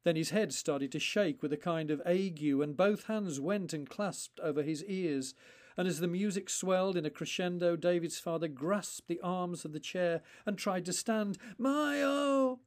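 A man, the author himself, reading his own short story aloud in a slow, deliberate narration with pauses between phrases. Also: high-pitched, a little mellow.

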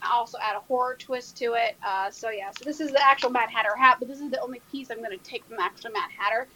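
A woman with a fairly high, bright voice talks as a guest on a casual interview. She chats in a lively, animated way, laughing often between her answers. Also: fast, slight background noise, low-quality recording. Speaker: guest cosplayer.

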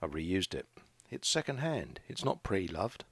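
Gravelly low-voiced man rambling. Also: big pitch swings, measured pace, a bit bright, dry recording. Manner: rambling, hesitant, with frequent restarts. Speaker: podcast host, craft shop owner. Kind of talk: casual solo podcast ramble.

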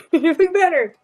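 A woman playing a tabletop game on an online voice call, making quick giggly asides. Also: extremely high pitch. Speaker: player. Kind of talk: casual tabletop play.

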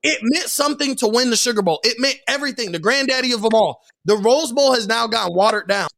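High bright young man, animated sports chat. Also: fast talker, gravelly. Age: young adult. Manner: animated, repeats himself, says "like" and "bro" a lot. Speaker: podcast guest.

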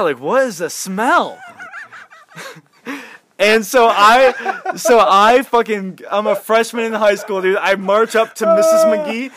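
A young man chatting casually on a podcast, telling a story in an animated way, laughing and swearing freely. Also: high voice, a little hiss or hum.

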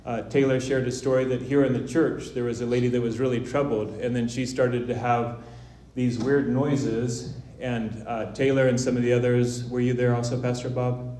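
A man preaching a sermon, telling a personal story in a relaxed way with fillers. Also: mid-range voice, moderate pace, reverberant, a little hiss or hum.

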